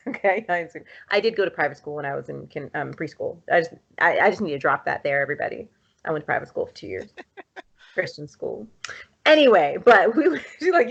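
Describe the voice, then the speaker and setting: A woman's voice: lowish voice, normal speed, gravelly, muffled recording. A woman in her thirties co-hosting a podcast, telling a personal story in casual chat, laughing often and acting out what people said. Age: 30s. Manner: animated storytelling, laughs often, acts out quotes. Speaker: podcast co-host.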